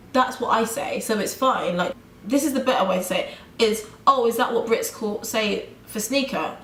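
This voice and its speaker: A young British woman in a casual vlog rant, talking fast and chatty, peppering her talk with "like" and mimicking others. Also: a little high, a bit bright, slight background noise. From Britain. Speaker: vlogger. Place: room in New York. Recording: echoey room, faint ambience.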